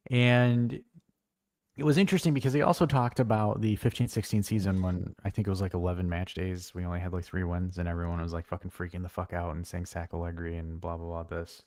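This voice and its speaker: A man co-hosting a casual football live stream, blunt and animated, swearing freely as he tells stories. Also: sits low, fast talker, no echo, studio quality. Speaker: co-host.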